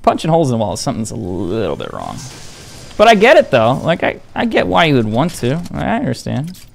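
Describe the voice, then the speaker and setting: A man's voice: medium pitch, huge pitch swings, a little fast, creaky. A young man streaming a game, talking casually to his viewers in a blunt, defensive, profane way. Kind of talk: casual live-stream chat.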